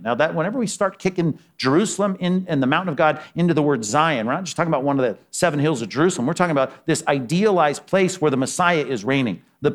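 Lively, animated male preacher. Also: on the high side. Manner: conversational preaching with rhetorical questions and sudden drops in voice. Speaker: pastor. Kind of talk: sermon.

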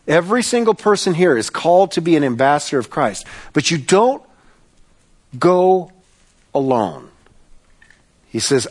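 A man pastor delivering a sermon, earnest, with slow emphatic pauses. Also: fairly high pitch, breathy edge.

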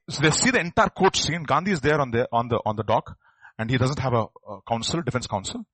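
A man's voice: mid-range voice, lively intonation, brisk, a bit bright, breathy edge, dry recording. A man preaching a sermon, acting out quoted voices and building to emphatic outbursts. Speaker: pastor.

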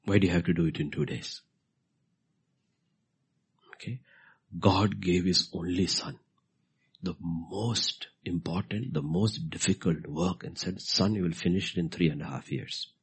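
A middle-aged man preaching a sermon, repeating key phrases and swinging from hushed whispers to loud emphatic bursts. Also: low-pitched, measured pace, long pauses, husky.

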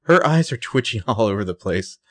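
Animated sarcastic dude recapping tv, swings up into loud quoting voices, dry close sound. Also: male voice, on the low side, a little fast, no echo. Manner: profane and sarcastic. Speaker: podcast co-host. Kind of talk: casual recap chat.

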